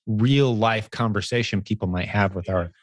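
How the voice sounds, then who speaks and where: A man's voice: on the low side, normal speed. A man hosting an interview, upbeat and affirming as he asks about stories from the business he founded. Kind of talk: conversational interview.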